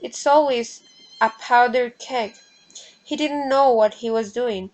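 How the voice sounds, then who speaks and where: Woman doing calm young wife, matter-of-fact, slow, faint music behind. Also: fairly high pitch, rough recording.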